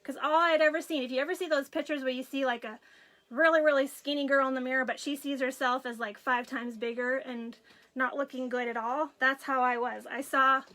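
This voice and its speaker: High bright-voiced woman, tearful. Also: steady tone, fairly quick. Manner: emotional, tearful storytelling with quoted dialogue. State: crying, runny nose. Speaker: craft vlogger. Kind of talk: personal story on a live video.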